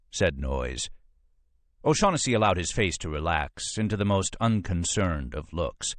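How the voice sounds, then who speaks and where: A man narrating an audiobook in a measured storytelling manner. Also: low voice, very animated, fairly bright tone, no room sound. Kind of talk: scripted narration.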